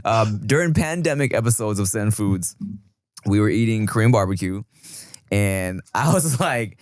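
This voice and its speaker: A playful man trades crude jokes on a podcast, his pitch swinging up and down. He laughs a lot between lines. The sound is dry and close to the mic. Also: animated, fairly quick, no echo. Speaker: podcast co-host. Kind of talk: casual chat.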